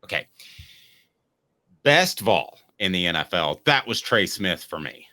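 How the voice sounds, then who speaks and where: Man, sports talk host, casual, upbeat, lower pitch, bright tone. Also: sing-song, unhurried. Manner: upbeat, prompting co-host with questions.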